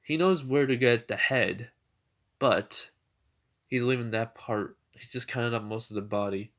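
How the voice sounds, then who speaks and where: A man's voice: mid-range voice, measured pace. A young man casually retelling a fan story in a rambling way, with many restarts and laughs.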